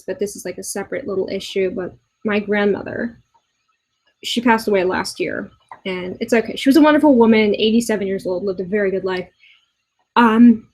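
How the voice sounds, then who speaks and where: A woman's voice: medium pitch, darkish tone, low-quality recording. A woman in her twenties ranting in a commentary video, exasperated and swearing, stumbling over restarts, at her boyfriend's house. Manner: exasperated, halting with many restarts, swears often. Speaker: vlogger.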